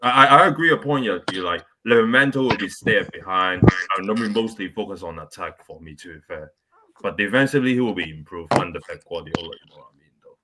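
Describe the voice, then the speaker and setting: A man's voice: low voice, fast, background noise. A man joining a live-streamed panel as a guest over a video call, speaking hesitantly with frequent fillers.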